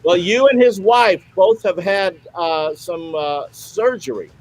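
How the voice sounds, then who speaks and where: A male co-host who steers the casual interview chat briskly. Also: high-pitched, low-quality recording.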